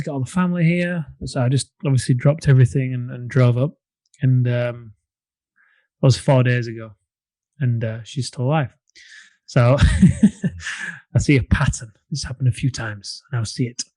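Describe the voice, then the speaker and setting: A man's voice: medium pitch, fairly even intonation, moderate pace, mellow, no room sound. A man co-hosting a podcast, chatty and telling stories with a laugh. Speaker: podcast co-host. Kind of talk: casual podcast chat.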